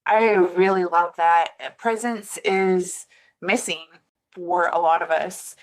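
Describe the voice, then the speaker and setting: A woman's voice: fairly low pitch, fairly even intonation, slow pace. Reflective woman podcast host. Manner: reflective, thoughtful, laughs easily. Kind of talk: casual conversation.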